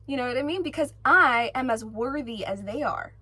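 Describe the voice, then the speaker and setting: A woman's voice: high voice, expressive, normal speed, a bit bright, dry recording. A woman talking casually to camera as a spiritual vlogger, emphatic and rambling, swearing freely and restarting her sentences often. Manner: many fillers and restarts.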